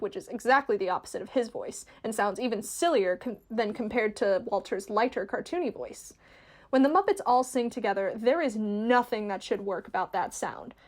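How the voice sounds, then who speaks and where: A woman reading a scripted video essay in a clear, measured, explanatory way. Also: fairly high pitch. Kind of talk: scripted narration.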